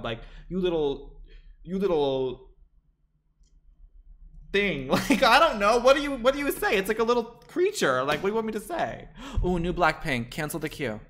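Sassy, swearing male streamer, lively voice. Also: high voice. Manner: sassy, dramatic, swears a lot. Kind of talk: casual livestream chat while gaming.

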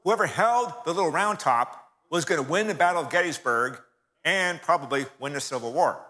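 Bright-voiced man in a reverberant church. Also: a little high, animated, moderate pace. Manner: storytelling, addresses audience as folks. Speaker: church speaker. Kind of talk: history talk from the pulpit. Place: church hall.

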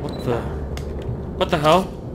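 A man's voice: on the high side, animated, slow pace, heavy background noise. A young man playing a horror game, nervous and jumpy, talking to himself as he searches and reads notes aloud. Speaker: gaming YouTuber. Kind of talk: horror game let's play. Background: game music.

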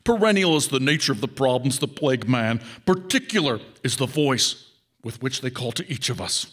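A man gives voice to a stately hologram president in a storybook reading, speaking in pompous, rounded speechmaking phrases. The voice sits at an ordinary middle pitch, evasive and grand. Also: expressive, normal speed, a bit bright.

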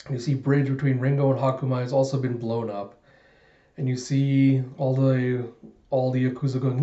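Casual comic reviewer, rambly with fillers, mellow voice, roomy echo. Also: male voice, mid-range voice, little pitch movement, moderate pace. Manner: loose, rambling narration with many fillers. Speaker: manga reviewer. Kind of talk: casual comic chapter recap. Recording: roomy, dull lo-fi sound.

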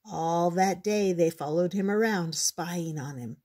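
An older woman reading a children's picture book aloud, gentle and measured. Her voice sits low and comes through husky and breathy. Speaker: storyteller. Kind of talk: storybook read-aloud.

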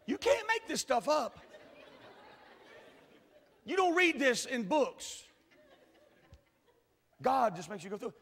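Folksy preacher in an echoey church. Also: male voice, very high voice, wildly swooping pitch, slow, vocal fry, pauses often. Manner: folksy storyteller, swings from quiet asides to shouted preaching. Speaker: pastor. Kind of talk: sermon storytelling. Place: large church hall.

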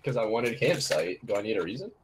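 A man's voice: on the low side, animated, fast talker, a crowd in the background, rough recording. A man in casual chat with friends while playing a game, playful and teasing. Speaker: gamer.

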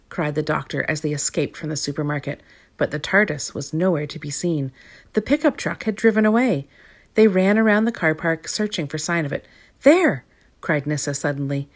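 A woman reads a children's story aloud, lively and expressive. Her voice is notably low for a woman.

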